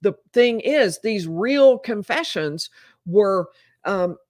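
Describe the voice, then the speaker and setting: A woman's voice: mid-range voice, animated, slow, a little mellow, no echo, clean studio sound. Emphatic woman lawyer commenting live. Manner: explanatory, emphatic.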